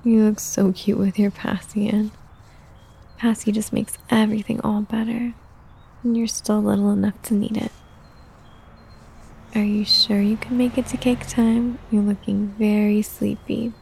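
A young adult woman performing a whispered role-play, talking softly and soothingly like a coaxing caretaker. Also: mid-range voice, flat delivery, measured pace, creaky, breathy edge. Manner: soothing, coaxing caretaker talk, mostly soft and close.

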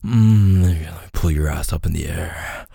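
A man performing an intimate adult audio role-play in a dominant, teasing manner, with heavy breathy moans between his phrases, recorded close to the microphone. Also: low voice, moderate pace, mellow, no echo.

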